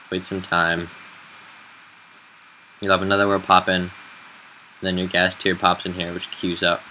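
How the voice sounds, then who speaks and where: A man who admins a game server, walking through a build in a casual tutorial, relaxed and halting with fillers. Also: low-pitched, slight background noise, rough recording.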